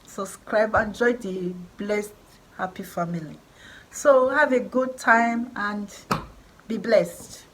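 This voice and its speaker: A woman's voice: medium pitch, slow pace, fairly bright tone, low-quality recording. A middle-aged woman with a Nigerian accent, talking emphatically to her viewers in a repetitive, preaching vlog style. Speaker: vlogger. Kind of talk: encouraging vlog talk.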